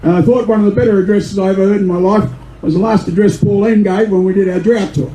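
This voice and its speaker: An older man with an Australian accent, giving a fiery, indignant rally speech as a member of parliament and often shouting. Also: sits high, fairly even intonation, quick pace. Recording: echoey room with faint noise.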